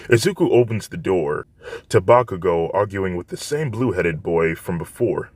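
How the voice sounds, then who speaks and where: A man narrating a fan story in a plain, steady reading voice. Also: sits low, normal speed, no echo.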